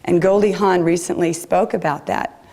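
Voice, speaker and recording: A woman preacher giving a gentle, reflective sermon in a chapel. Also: fairly low pitch, steady tone, normal speed.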